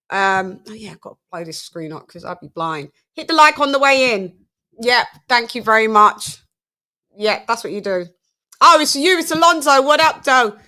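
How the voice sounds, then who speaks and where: A woman from the UK hosting a boxing livestream, chatting playfully with guests and greeting her chat with frequent laughs. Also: a little high. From United Kingdom. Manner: chatty, playful, laughs often, gives shout-outs to chat. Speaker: livestream boxing show host.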